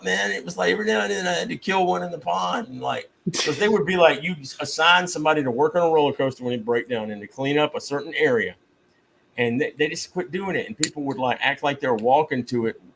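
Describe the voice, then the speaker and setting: A man's voice: a little high, gravelly, a bit bright, slight background noise, low-quality recording. A man hosting a live stream, telling a long game story in a casual, profane way, with mock-outraged asides. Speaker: streamer host.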